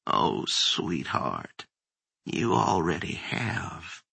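A man's voice: rumbling low, wildly swooping pitch, no room sound, pitched below the performer's own voice, exaggerated voice. A man doing a creeping monster posing as an old woman. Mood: menacing. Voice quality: thin, brittle, raspy. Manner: slow, soft, sing-song coaxing.

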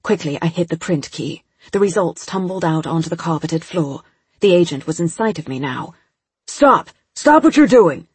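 A woman's voice: low voice, normal speed, darkish tone, breathy edge, no echo. A woman narrating a first-person audiobook in a tense, urgent manner.

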